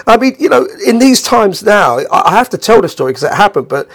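Animated man telling a story as podcast host. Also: high-pitched, a little fast, hardly any pauses. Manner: animated, acts out the quoted voices of people in his stories. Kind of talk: storytelling monologue.

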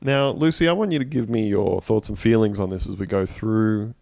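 A man's voice: lowish voice, brisk, gravelly, darkish tone, no echo. A man co-hosting a casual comedy podcast, reading out news stories with jokey asides. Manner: reads news aloud with jokey asides and laughs.

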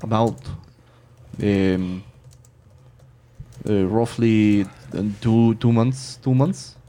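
A man's voice: on the low side, extremely slow, warm tone. A man running a tabletop game as game master, speaking unhurriedly and searching for words. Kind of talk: tabletop role-play narration.

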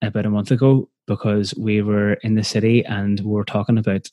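A man's voice: fairly low pitch, level tone, brisk, mellow, no echo. A man with a Belfast accent, talking thoughtfully and a bit hesitantly in a casual chat. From West Belfast. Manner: thoughtful, hesitant, uses 'kind of' often.

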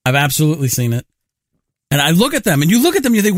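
A man co-hosting a casual live chat, chiming in with quick, playful remarks. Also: on the high side, very animated, dry recording, studio quality. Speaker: co-host.

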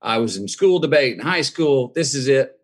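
Husky man telling a folksy story. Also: mid-range voice, expressive, normal speed. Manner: folksy, reflective, acts out quoted dialogue. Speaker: guest. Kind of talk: conversational storytelling.

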